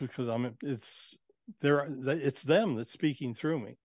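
A man's voice: medium pitch, measured pace, a little mellow, no echo, studio quality. A man who works as a spirit channeler, a guest on an interview show, telling his experiences in a casual, earnest, matter-of-fact way.

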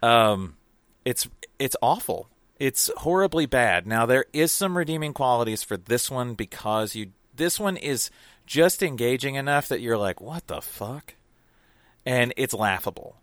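A man's voice: medium pitch, lively intonation, moderate pace, fairly bright tone, no room sound. A man in casual podcast chat, rambling with lots of fillers and restarts. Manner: rambling, hesitant, many fillers. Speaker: podcast co-host reviewing a film.

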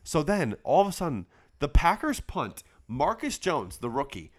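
A man co-hosting a casual sports podcast, talking through a game in a relaxed, conversational way with frequent small laughs. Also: on the high side, normal speed. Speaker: podcast co-host.

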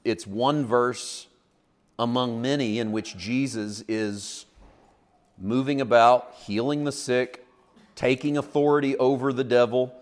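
A man's voice: mid-range voice, steady tone, measured pace. A man preaching a sermon as pastor, teaching earnestly and building to emphatic points. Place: church.

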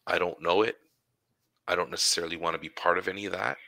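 A man with a very deep, strikingly bright and forceful voice talks casually about his work as a supply teacher. He tells his stories by acting out what he and his students said. The sound is dry and close, with no room echo. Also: fairly even intonation, fast talker, gravelly. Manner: storytelling, acts out dialogue with students. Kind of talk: casual conversation.

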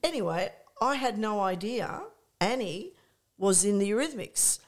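An older woman, a guest in a casual interview, telling lively anecdotes with many restarts and fillers. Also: medium pitch, a little slow. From Australia.

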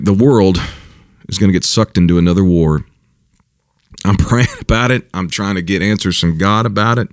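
Man, pastor, casual commentary, very low voice, repeats and restarts, dry recording. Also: no room sound. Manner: halting and repetitive, with chuckles and mocking mimicry.

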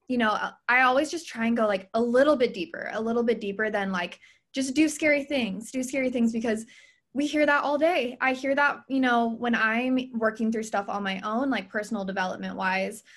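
A woman's voice: a little high, a bit bright. A woman hosting a podcast, who affirms her guest and encourages her listeners. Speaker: podcast host. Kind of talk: casual podcast conversation.

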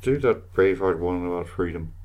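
A man's voice: low voice, fairly quick, phone-quality sound. A man co-hosting a podcast in casual chat, teasing and laughing often. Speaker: podcast co-host.

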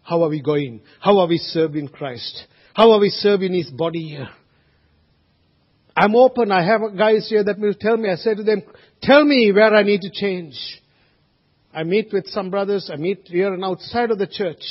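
High-voiced man preaching in a reverberant hall. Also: normal speed. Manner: earnest, swings from loud exhortation to quiet asides. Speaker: pastor. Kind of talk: sermon. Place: church. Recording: dull lo-fi sound with long hall reverb.

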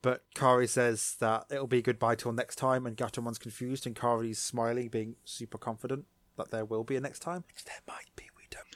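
A man co-hosting a casual recap podcast, who jumps into lively character voices as he tells the story. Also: medium pitch. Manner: animated, acts out characters in quick voices. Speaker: podcast co-host.

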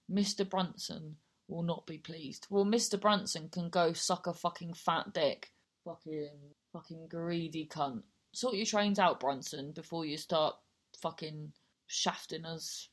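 A young woman with a southern English accent, a comedian chatting casually and telling rambling, sweary stories. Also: fairly low pitch. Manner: sweary, rambling, animated storytelling. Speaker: stand-up comedian hosting a podcast. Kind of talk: casual chat.

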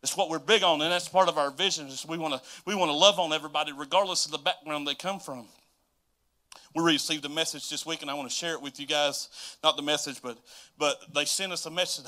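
A man preaching a casual, emotional sermon in a church, swinging from loud exclamations to soft asides. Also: fairly high pitch, fast. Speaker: pastor. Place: church sanctuary.

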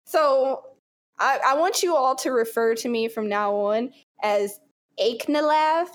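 A woman's voice: high voice, a little slow. A woman hosting a podcast in casual chat, laughing often between her questions. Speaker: podcast host.

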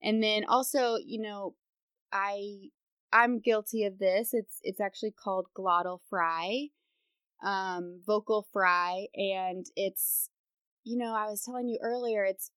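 Young female podcast guest, casual and chatty, creaky sentence endings, dry close mic. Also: mid-range voice, steady tone, slow, fairly bright tone, no room sound. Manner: casual, laughs often, vocal fry at sentence ends. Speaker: guest voice expert. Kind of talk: podcast interview.

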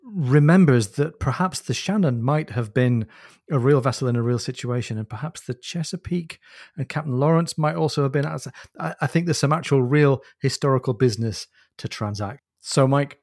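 A man co-hosting a book podcast, retelling a novel's scenes in a lively storytelling way. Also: mid-range voice, moderate pace, no echo, studio quality. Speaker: podcast co-host. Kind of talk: casual book discussion.

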